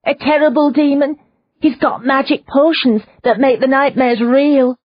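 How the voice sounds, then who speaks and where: A woman's voice: high voice, fairly even intonation, a little slow, highs cut off, pitched above the performer's own voice. A woman reading an audiobook voices a terrified, half-mad young woman prisoner who wails and clings to her fixed idea. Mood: frantic. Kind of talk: audiobook character voice.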